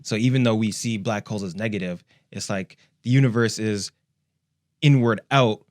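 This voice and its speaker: A man who produces a podcast and co-hosts it, chatting in a laid-back, relaxed way as he explains a book he is reading. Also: lowish voice, normal speed, no room sound, studio quality. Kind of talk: casual podcast chat.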